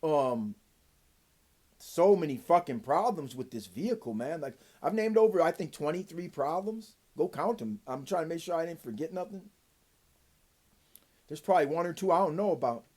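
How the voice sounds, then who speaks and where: A man vlogging a profane, heated rant to camera, swinging between loud outbursts and low mutters, with a dry throat. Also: lively intonation, moderate pace.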